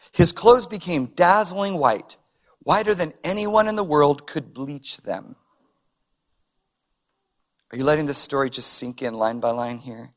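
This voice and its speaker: Chatty pastor with a slightly high voice. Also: male voice, fairly bright tone. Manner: conversational, chuckling asides, rhetorical questions. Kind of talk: sermon.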